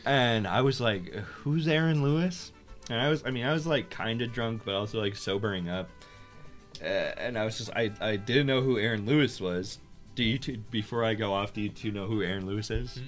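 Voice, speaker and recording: A young man on a podcast, telling a story in loose, casual chat. He swears freely and his voice climbs to near shouting when he gets worked up, then drops back to a mutter. Faint music sits underneath. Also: on the low side, a little fast. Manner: animated storytelling, swears a lot, gets loud and heated. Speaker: podcast co-host.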